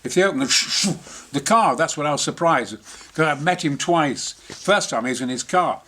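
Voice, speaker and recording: A man's voice: a little high, expressive, normal speed, pushed and bright, slight background noise. Boisterous sweary man telling stories. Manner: boisterous, sweary, theatrical storytelling. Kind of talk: casual behind-the-scenes chat.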